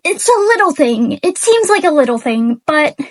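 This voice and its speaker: A woman's voice: high-pitched, big pitch swings. A woman ranting in an unscripted vlog, angry and near tears, stammering and restarting her sentences, recorded on poor audio with an unplugged mic. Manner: angry, halting, stammering rant. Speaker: book reviewer.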